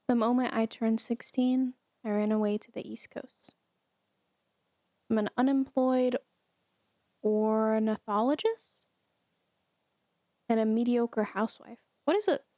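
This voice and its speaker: A woman's voice: fairly high pitch, unhurried, pauses often, warm tone, no echo, studio quality, close to an everyday voice. A woman reading as a Southern housewife, light drawl. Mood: guarded. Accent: American Southern, put on. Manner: reads game dialogue aloud, half-attempting a country drawl. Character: 38-year-old Southern housewife on a farm.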